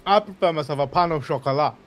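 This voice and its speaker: A man's voice: on the high side, fast. A man from England with an English accent, co-hosting a casual stream with teasing banter. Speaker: co-host. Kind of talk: casual live-stream chat.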